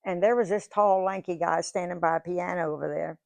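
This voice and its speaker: An elderly woman in her nineties, talking to an audience in a folksy, rambling way. Her voice has a gravelly rasp. She keeps circling back and restarting her sentences, and the sound is dry and close. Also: lowish voice, steady tone, a little fast, dry recording. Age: 90s. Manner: chatty, folksy, repeats words and restarts often. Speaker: guest speaker, singer. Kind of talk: storytelling to a live audience. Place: museum lecture room.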